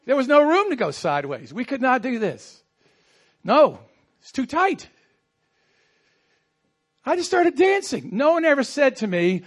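A man's voice: very high voice, sing-song, measured pace, long pauses. A man preaching a sermon as a pastor, telling stories animatedly and acting out quoted asides. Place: church.

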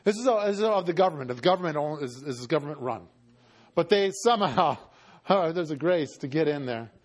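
A man's voice: a little high, animated, brisk. A man preaching a sermon and telling a story with passion, his voice often rising toward a cry.

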